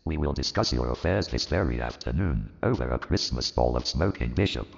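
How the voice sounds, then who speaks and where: A gravelly, theatrical old miser, newly joyful and repentant, played by a man in an audio drama. The voice sits extremely low with thick fry and swings widely in pitch. It is heard in a reverberant, dull lo-fi recording with faint music behind. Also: a little fast, exaggerated voice. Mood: mock-stern. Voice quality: gravelly, very deep. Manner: theatrical, animated delivery.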